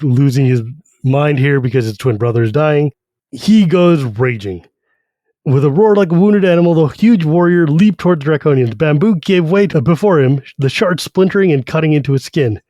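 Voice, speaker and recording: This co-host, whose voice sits on the high side, recounts a fantasy novel with lots of energy during a laid-back book talk. There's no echo, and he briefly voices the characters as he retells the story.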